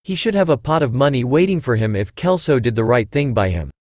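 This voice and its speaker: A man's voice: mid-range voice, lively intonation, a little fast, darkish tone, no echo, muffled recording, lightly acted. Synthetic man voicing a blustering old lord. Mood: grumbling. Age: older. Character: gruff old aristocratic uncle, blustering.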